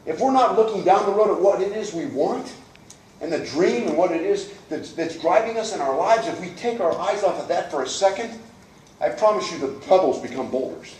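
In an echoey indoor event hall, a man gives a live, folksy and emphatic motivational talk at a business coaching event, acting out the people in his stories. His voice is high-pitched, animated and a little mellow, going a little fast. The mic is far off, and a little hiss or hum is audible.

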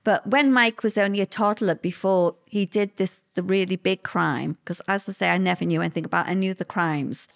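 A woman's voice: on the low side, brisk, creaky, few pauses. A middle-aged woman, telling a personal story as an interview guest, chatty and repetitive. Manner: conversational, repeats words, lively quoted voices.

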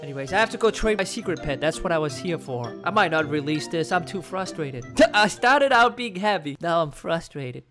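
A man with a high, bouncy voice narrates his gameplay in a rambling, excitable way and keeps chatting back at other players. He laughs often, and his tone is bright and sharp. Faint game music plays behind him. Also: normal speed, hardly any pauses. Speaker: gaming channel host. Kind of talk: casual gameplay commentary.

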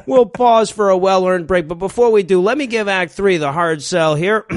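A man's voice: high voice, normal speed, hardly any pauses, dry recording, clean studio sound. A man co-hosting a comedy podcast, recapping a film sarcastically and laughing often. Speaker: podcast co-host. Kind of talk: casual comedic movie riffing.

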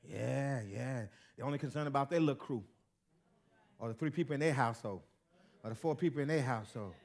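A man preaching a sermon as pastor to a church congregation, with call-and-response and stretches that build to shouting. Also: mid-range voice, quick pace.

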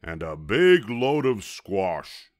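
Grouchy scruffy varmint done by a guy, deep growly voice, snaps out bossy orders. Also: animated, takes it slowly, fairly bright tone, no room sound, studio quality, exaggerated voice.

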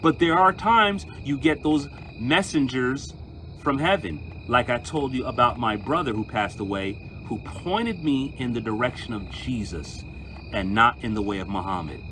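A man, a pastor, talking to viewers in an emphatic, animated preaching style and telling stories. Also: medium pitch, moderate pace, noisy background.

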